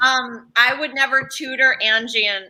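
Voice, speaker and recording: A woman's voice: high voice, steady tone, normal speed, bright, forceful tone, low-quality recording. A woman comedian giving a brash, crude mock-debate rant.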